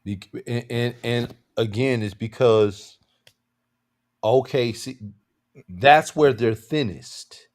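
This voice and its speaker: Man, podcast co-host, laid-back, wry, low-key. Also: slow pace. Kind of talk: casual sports chat.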